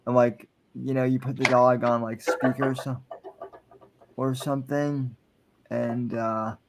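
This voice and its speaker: A man chatting casually on a podcast, halting and repeating words as he talks. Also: medium pitch, flat delivery, heavy background noise.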